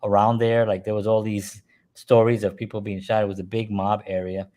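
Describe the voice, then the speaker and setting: A man's voice: on the low side, brisk. A man, casually telling stories and chuckling as he talks. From New York. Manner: animated storyteller, chuckles while talking, puts on voices in quotes. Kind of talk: casual storytelling chat.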